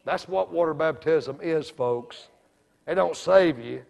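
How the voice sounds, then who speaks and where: A man preaching a sermon in a church, folksy, dropping to hushed asides and rising to shouts. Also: a little high, slow pace, creaky. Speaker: evangelist preacher. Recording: reverberant hall.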